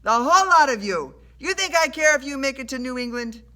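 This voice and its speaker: A woman voicing a burly, angry male sailor who growls and shouts in a rough pirate-style way. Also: high-pitched, animated, brisk, voice pushed up. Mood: menacing.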